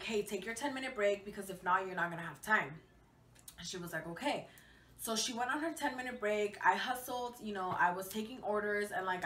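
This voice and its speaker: A woman's voice: a little high, bright, forceful tone. A young woman telling a casual storytime vlog, chatty, swearing freely and full of fillers. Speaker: vlogger. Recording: echoey room, mic at a distance, faint hiss.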